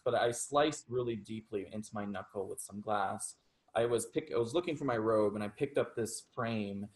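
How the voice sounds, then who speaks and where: A man preaching a relaxed, conversational sermon to a small class, telling a personal story and laughing often. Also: on the low side. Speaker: reverend.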